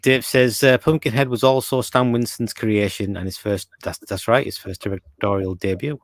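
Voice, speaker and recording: A man's voice: on the low side, fairly even intonation, moderate pace, no echo. A man hosting a casual podcast, reading viewer comments aloud and talking with many fillers and restarts. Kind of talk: casual chat.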